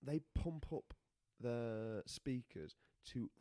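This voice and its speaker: A man's voice: medium pitch, takes it slowly, warm tone, no room sound. A man co-hosting a podcast in casual chat, teasing his co-host with a wry manner.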